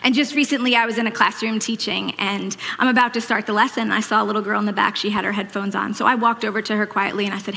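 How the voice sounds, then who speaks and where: A woman's voice: medium pitch, steady tone, fast, creaky, hardly any pauses, pushed and bright, long reverb tail. A woman in her forties from Long Island, New York, with a faded Long Island accent, giving a chatty, self-deprecating Mother's Day sermon from a church stage. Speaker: church speaker.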